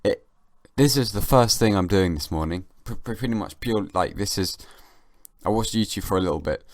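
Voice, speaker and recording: Young guy hosting his own podcast at home, half-asleep, deadpan rambling comedy; low voice, dry room. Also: moderate pace, dry recording. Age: young adult. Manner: rambling, deadpan comic musing. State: sleepy, just woken. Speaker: podcast host. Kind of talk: casual solo monologue. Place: at home, downstairs.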